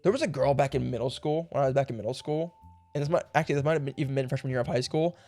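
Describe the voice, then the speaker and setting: Young male streamer, thinking out loud, rambling, dry close mic, faint music behind. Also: medium pitch, no room sound. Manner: thinking aloud, rambling, quick laughs. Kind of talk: casual puzzle game livestream.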